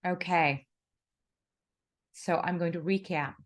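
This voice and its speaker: Female breathwork coach, unhurried guiding delivery, counts breaths aloud. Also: lowish voice, steady tone. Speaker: breathwork instructor. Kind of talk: guided breathing session.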